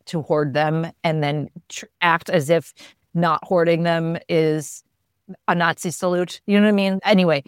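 A man's voice: fairly high pitch, fairly even intonation, moderate pace, clear, resonant tone, no room sound, studio quality. A middle-aged man co-hosting a casual chat, rambling wryly about pets and allergies. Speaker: podcast co-host.

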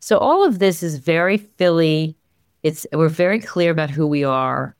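A newspaper executive from the Philadelphia area, talking energetically in an interview with lots of restarts and sudden lifts in pitch. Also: normal speed, clear, resonant tone, no room sound, studio quality. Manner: energetic, animated, many restarts. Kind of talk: conversational interview.

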